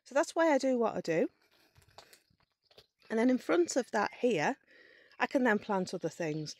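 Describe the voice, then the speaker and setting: This gardening vlogger leads a relaxed, talkative tour through her outdoor garden and polytunnel, breaking down her methods one step at a time and sounding a little winded. She speaks at a moderate pace in a slightly high voice with big swings in pitch.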